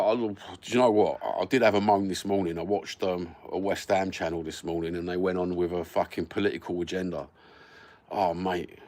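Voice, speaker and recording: A man's voice: low voice, darkish tone. Sweary Cockney man in his fifties. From London. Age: 50s. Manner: rambling, sweary, blokey banter. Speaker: live stream host. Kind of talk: casual live-stream chat. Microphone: phone.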